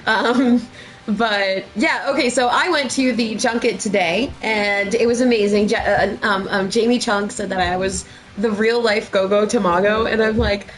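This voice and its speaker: A young woman co-hosting a podcast, telling stories in an excitable, laughing way, with phlegm in her throat. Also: mid-range voice. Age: young adult. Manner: excitable, laughing, quick storytelling. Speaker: podcast co-host. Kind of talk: casual chat.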